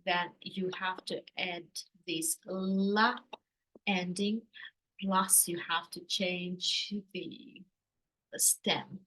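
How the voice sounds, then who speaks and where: A woman's voice: lowish voice, flat delivery, takes it slowly, bright, forceful tone, poor audio. A woman, co-hosting a casual language lesson and repeating words back. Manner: repeats words back, brief agreeing replies.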